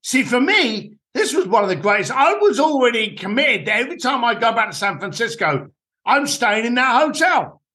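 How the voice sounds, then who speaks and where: Animated man, high lively voice. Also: normal speed. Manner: animated, blunt, swears casually. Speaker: guest, entrepreneur and author. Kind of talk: podcast interview, storytelling advice.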